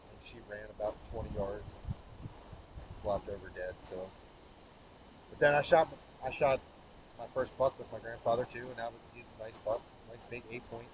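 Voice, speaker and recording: A man, host of the show, telling rambling, folksy hunting stories around a campfire outdoors. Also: medium pitch. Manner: folksy, rambling, laughs at his own stories. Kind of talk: casual storytelling by a campfire. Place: outdoors by an open fire. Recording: outdoor recording with steady background noise.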